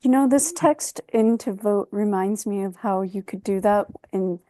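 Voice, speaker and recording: A woman's voice: mid-range voice, moderate pace, dark tone, no echo. Chatty woman, dry close sound. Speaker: game show contestant. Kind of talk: casual banter.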